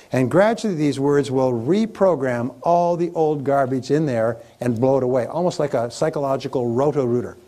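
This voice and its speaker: A man speaking at a live motivational seminar, in a voice of ordinary middle pitch. He talks with emphasis and keeps hammering home the same phrases. He leads the audience in repeating them back to him. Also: mellow. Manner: emphatic and repetitive, leading the audience in chants.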